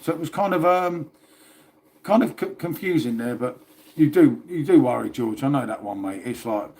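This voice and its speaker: A man's voice: medium pitch, lively intonation, moderate pace, a little mellow. A man hosting a casual livestream, chatting and rambling to viewers and swearing now and then. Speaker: livestream host.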